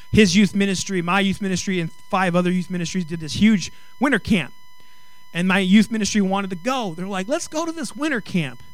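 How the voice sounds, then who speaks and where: A middle-aged male pastor preaching a sermon with comic storytelling, animated and acting out dialogue. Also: high voice, clean tone, no echo, rough recording. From Mexican heritage. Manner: animated, acts out quoted dialogue, rising to exclaim.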